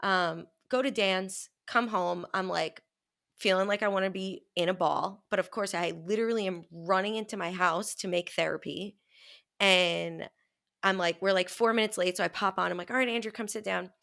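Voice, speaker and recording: A woman's voice: mid-range voice, moderate pace, vocal fry, fairly bright tone. A woman co-hosting a podcast, chatting casually and telling stories with lots of energy, acting out her own quotes and swearing freely. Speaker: podcast co-host. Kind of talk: casual chat.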